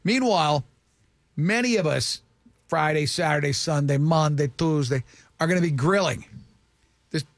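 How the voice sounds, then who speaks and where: A man hosting a morning radio talk show, chatty and animated as he tells a story. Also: on the high side, normal speed, creaky, pauses often, no room sound.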